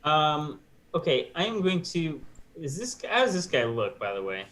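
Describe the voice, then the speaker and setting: A man plays in a tabletop session, hesitating often and filling gaps with ums. His voice sits slightly high, and his tone stays casual and unhurried. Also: very animated, a bit bright. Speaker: player.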